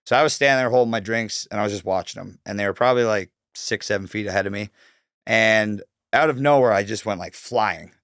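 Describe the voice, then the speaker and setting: A man's voice: on the low side, brisk, fairly bright tone, clean tone, dry recording, clean studio sound. A man from Canada in his thirties, talking casually as a guest, swearing often and filling his speech with likes and ums. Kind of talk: casual storytelling interview.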